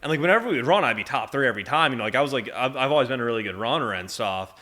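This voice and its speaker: Lively, bright-voiced young man telling stories. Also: mid-range voice, very fast. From Massachusetts. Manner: animated, heavy "like" fillers, acts out voices in his stories. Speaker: podcast guest. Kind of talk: casual storytelling.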